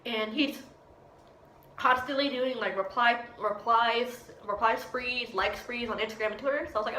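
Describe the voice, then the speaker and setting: A woman's voice: on the high side, fairly even intonation, normal speed, bright, forceful tone, echoey room, a little hiss or hum, rough recording. A seventeen-year-old girl telling a rambling story in a casual vlog, talking around a retainer and acting out what people said. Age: teens. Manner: rambling, chatty, quotes people in voices. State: speaking with a retainer. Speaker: vlogger.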